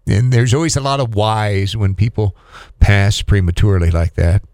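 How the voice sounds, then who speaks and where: A middle-aged man co-hosting a podcast, talking in a halting, emotional way with many restarts. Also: lowish voice, steady tone, darkish tone, no room sound, studio quality. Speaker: podcast co-host. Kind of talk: casual chat.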